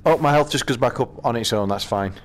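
A British man casually commenting as he plays a VR game, chatting to himself with quick exclamations. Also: medium pitch. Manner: chatty, talks to himself while playing, exclamations. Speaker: gaming channel host.

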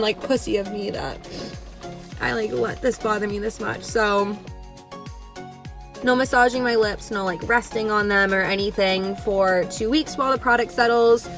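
A woman's voice: fairly high pitch, a bit bright. A young woman vlogging casually to camera from a car, chatty and emotional, full of "like" fillers.

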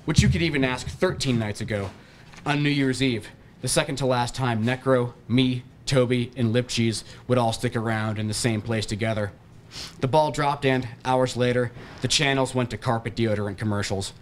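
A man, an author, reading his novel aloud at a bookshop in a steady, deadpan way. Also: mid-range voice, moderate pace, slight background noise.

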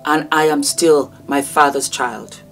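A woman's voice: low-pitched, steady tone, a little slow, a bit bright, soft background music. A woman in her fifties giving impassioned commentary, speaking straight to the person she is talking about in an emotional, preachy way. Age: 50s. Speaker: vlogger commenting on celebrity news. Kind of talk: impassioned direct-address commentary.

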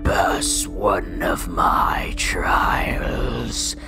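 Whispered role-play, raspy beast voiced by a man, deep and unhurried. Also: music in the background, heavily acted. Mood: eerie. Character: strange whispering beast lurking in darkness.

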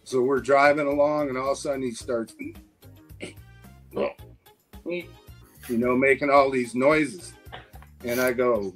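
A man's voice: medium pitch, fairly even intonation, slow, pauses often, faint music behind, low-quality recording. A man in his sixties, a guest and former wrestler, telling casual anecdotes with lots of fillers. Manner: rambling anecdotes with frequent fillers. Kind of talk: casual storytelling.

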